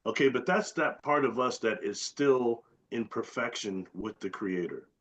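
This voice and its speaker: A man as a guest in a casual chat, explaining ideas slowly and deliberately and listing terms one by one. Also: medium pitch, animated, fairly bright tone.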